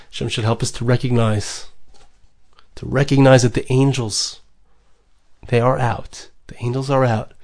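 A man's voice: mid-range voice, darkish tone. A man giving a Torah sermon, impassioned, repeating phrases and building to urgent questions. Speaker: rabbi giving a Torah talk.

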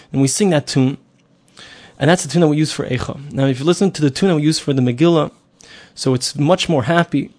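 A middle-aged man teaches a Torah lesson in a somewhat high voice. He explains earnestly, circling back over his points and posing rhetorical questions as he goes. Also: darkish tone.

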